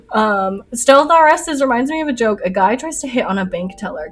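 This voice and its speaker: A woman's voice: a little high, animated, normal speed. A young adult woman streaming while she paints, chatting casually, laughing often and telling stories animatedly. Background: soft lo-fi music.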